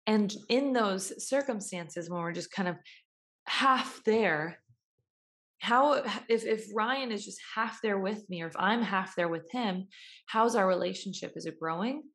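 A young woman giving a casual motivational talk, chatty, acting out everyday scenes with quick voice changes. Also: mid-range voice, a bit bright. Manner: chatty, acts out little scenes with quick voice shifts.

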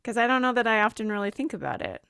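A woman hosting a podcast interview, reflective and quick to laugh. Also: a little high, sing-song, gravelly, fairly bright tone, clean tone, dry recording, clean studio sound. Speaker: podcast host. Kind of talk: casual interview.

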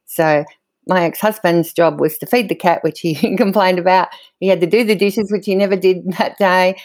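A middle-aged woman, a guest telling stories from her own life in a candid, animated way and laughing often as she talks. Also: on the low side, normal speed, no echo. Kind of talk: candid conversational storytelling.

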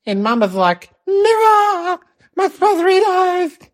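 A woman's voice: very high voice, sing-song, takes it slowly, full character voice. A woman performing a cheeky little boy in a comedy sketch, telling a rambling story with giggles and mocking impressions of his relatives.

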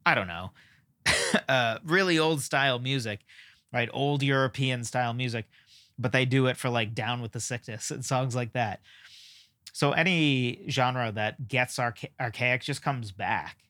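A man's voice: mid-range voice, a little slow, sharp tone, no echo, clean studio sound. A man hosting a solo podcast, talking casually in a rambling way with frequent fillers and self-deprecating asides. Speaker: podcast host.

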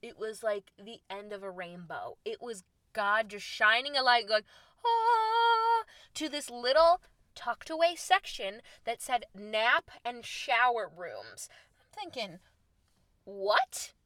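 A young woman telling a travel story in a casual, lively way, acting out the lines she quotes. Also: a little slow, no room sound. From United States. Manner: animated, acts out quoted lines with big pitch jumps. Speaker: storyteller host.

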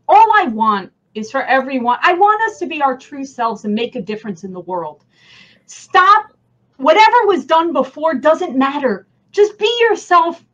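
Woman, New Jersey accent, high voice, energetic, emphatic, casual guest chat. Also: highs cut off. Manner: energetic, emphatic, laughs often.

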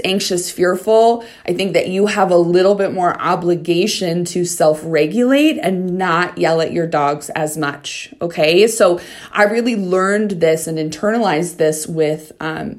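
A young adult woman hosting a dog-training podcast, talking frankly and casually, swearing freely and checking in with listeners. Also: lowish voice. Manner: frank, swears freely, asks "okay?" often.

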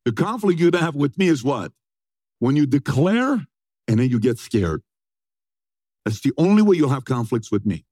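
Man, forties, motivational speaker, energetic storytelling, dry sound. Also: medium pitch, no echo. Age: 40s. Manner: energetic, punchy, asks the audience questions. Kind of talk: storytelling talk to an audience.

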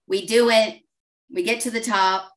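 A woman's voice: medium pitch, fairly even intonation, a little slow, recorded from a distance. A woman telling her coaching client story in an interview, open and emotional. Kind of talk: testimonial interview.

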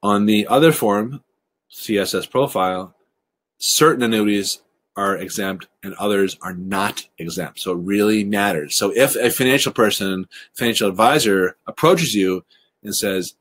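Fast-talking low-voiced man presenting. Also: fairly bright tone, a little hiss or hum. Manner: fast-talking, brisk and explanatory. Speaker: webinar presenter on college financial aid. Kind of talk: recorded webinar presentation.

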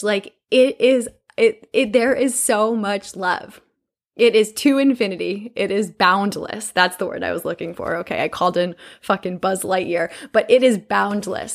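A woman in her twenties hosting a podcast, talking in a casual, profane, effusive way about self-love, a little out of breath. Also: medium pitch. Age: 20s. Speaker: podcast host. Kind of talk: casual self-help monologue.

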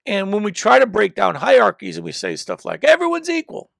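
A man delivers a teaching sermon into a microphone in a high, heavily gravelly voice that swings up and down with animated pitch. He talks emphatically, circling back and restarting his phrases as he drives each point home. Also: fairly quick, no echo, clean studio sound. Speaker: preacher and teacher.

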